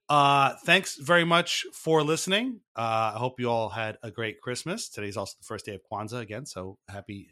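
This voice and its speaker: A man hosting a casual sports podcast, signing off with many halting uhs before turning to his guest. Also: medium pitch, pushed and bright. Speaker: podcast host.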